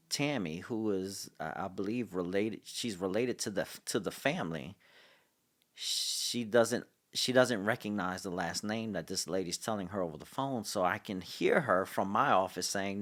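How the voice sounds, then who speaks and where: Deep-voiced man telling a story. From Louisiana, USA. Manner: halting, many restarts and fillers, grows excited. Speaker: podcast guest, city public relations director. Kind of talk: storytelling in casual conversation.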